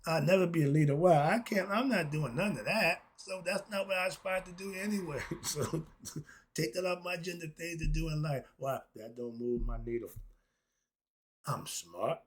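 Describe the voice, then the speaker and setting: A middle-aged man, giving a blunt, ranting opinion monologue that swings between muttering and loud outbursts. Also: fairly high pitch, moderate pace, a little hiss or hum. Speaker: commentary vlogger.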